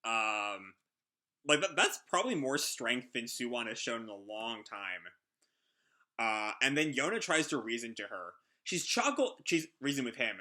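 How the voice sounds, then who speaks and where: A man's voice: mid-range voice, lively intonation, a little slow, bright, forceful tone. A man hosting a live manga reading reaction, talking casually and hesitantly as he thinks aloud.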